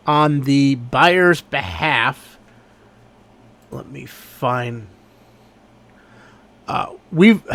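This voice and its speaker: A man telling a story in a casual vlog, exasperated and animated as he recounts what happened. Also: sits high, no room sound. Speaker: online reseller.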